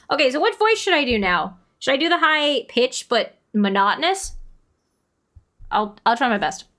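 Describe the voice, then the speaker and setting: A woman's voice: high voice, very animated, normal speed, pauses often, pushed and bright. Bubbly woman chatting while streaming a game. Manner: bubbly, laughs easily, chatty. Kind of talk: casual game-stream chat.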